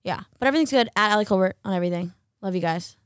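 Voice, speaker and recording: A woman's voice: medium pitch, racing, clear, resonant tone, no echo, studio quality. A woman comedian in her thirties chatting casually as a podcast guest, trailing off and swearing freely. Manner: laughs a lot, swears, trails off.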